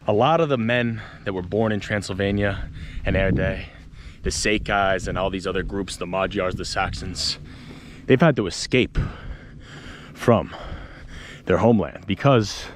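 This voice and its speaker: A man vlogging outdoors on a hike, telling a history tale in an animated, excitable way with casual swearing. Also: fairly low pitch, slight background noise. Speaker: travel vlogger and history storyteller. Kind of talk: casual storytelling vlog while hiking.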